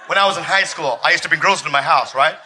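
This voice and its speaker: A man doing an animated stand-up routine that breaks into shouty bits. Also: fairly high pitch, very fast, very noisy. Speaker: stand-up comedian.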